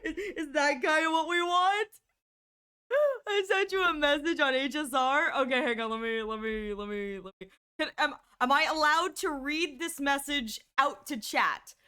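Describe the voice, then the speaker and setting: High-voiced giggly woman streamer. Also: normal speed, sharp tone. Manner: giggly, breaks into helpless laughter, talks to chat while drawing. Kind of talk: casual live art stream chat.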